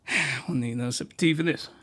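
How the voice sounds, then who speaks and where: A man hosting a comedy podcast, reviewing a comic in a slangy, rambling monologue with sudden shouted outbursts. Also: husky. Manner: animated, jumps into high-pitched shouted outbursts; slangy, rambling, with many restarts.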